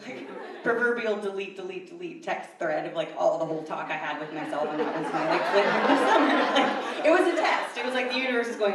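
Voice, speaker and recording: A woman's voice: medium pitch, animated, normal speed, crowd noise. A woman in her thirties telling a true story at a live event, chatty and self-deprecating with many fillers. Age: 30s. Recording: echoey room, mic far off, faint ambience.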